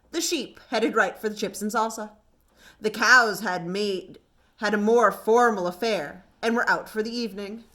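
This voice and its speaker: Children's librarian, woman, storytime reader, high voice, unhurried, gentle and expressive. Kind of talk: reading a picture book aloud to kids.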